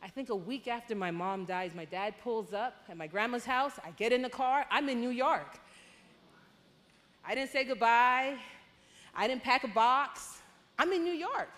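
A woman from Panama giving a lively, conversational testimony at a women's conference, with sudden excited outbursts. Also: a little high, moderate pace. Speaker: conference speaker. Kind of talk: testimony talk. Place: large church hall. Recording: hall reverb.

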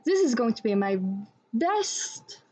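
A woman reading a storybook, voicing an excitable young boy who talks eagerly and quickly gets worked up. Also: a little high, heavily acted. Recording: dull lo-fi recording.

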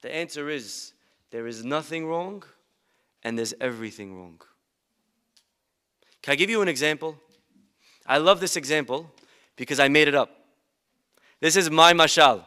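Male rabbi telling funny stories in a sermon, fairly high clear voice. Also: expressive, normal speed, pauses often, pushed and bright. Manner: storytelling, humorous, rhetorical questions to the congregation. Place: synagogue event.

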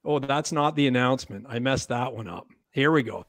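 A man's voice: medium pitch, brisk, hardly any pauses, a bit bright. A man hosting a podcast in a loose, joking chat, poking fun at himself. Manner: jokey and self-mocking. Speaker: podcast host. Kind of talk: casual chat.

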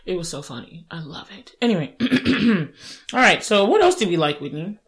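Playful, animated woman in her twenties. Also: lowish voice, normal speed, vocal fry. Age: 20s. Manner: animated, laughing, playful asides. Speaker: podcast co-host. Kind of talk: casual chat.

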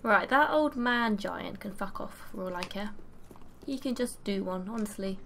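A young woman giving let's play commentary, swearing freely with loud exclamations while she plays. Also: mid-range voice, normal speed, creaky, a little hiss or hum. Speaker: gaming channel host.

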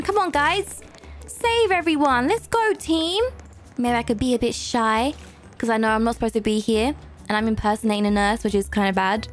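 A young woman giving playful, excitable commentary while playing a hospital role-play game, chatting and exclaiming often. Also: on the high side. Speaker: gaming YouTuber.

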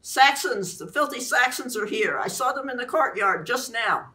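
A woman's voice: on the high side, lively intonation, moderate pace, recorded from a distance, voice pushed up. Woman doing a raging battle-crazed warrior man. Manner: shouting wildly.

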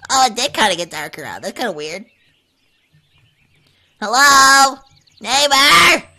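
A woman's voice: on the low side, big pitch swings, fast talker, fairly bright tone, breathy edge, rough recording. A young woman hosting a let's play, commenting as she explores, easily startled and shrieking when scared. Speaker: gaming channel host. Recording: faint game music behind. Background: game music.

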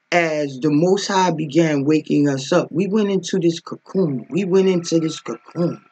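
A woman's voice: low voice, darkish tone, slightly rough. A woman giving a spiritual teaching sermon as a preacher, emphatic and full of rhetorical questions, often checking in with "okay?".

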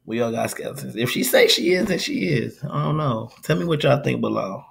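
A man's voice: on the high side, wildly swooping pitch, normal speed, creaky, husky. A man hosting a reaction video, talking casually and slangily straight to his viewers. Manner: laid-back, slangy, talks straight to viewers.

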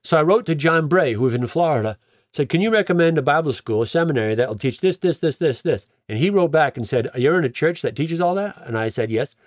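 Talking fast with lively intonation in a voice on the high side, a pastor shares his personal story conversationally. He repeats words and acts out the lines people said to him. The sound is dry and studio quality.

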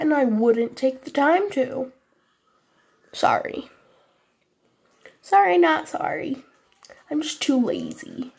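A gaming channel host gives casual, apologetic commentary on her Minecraft game, chatting with viewers as she plays. Sniffly after a cold, she puts on a vague foreign accent. Her voice is a little high, a little mellow and slightly rough.

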